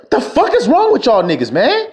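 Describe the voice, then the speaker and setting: A man's voice: very high voice, huge pitch swings, moderate pace. A man preaching a profane, confrontational street sermon, scolding his listeners.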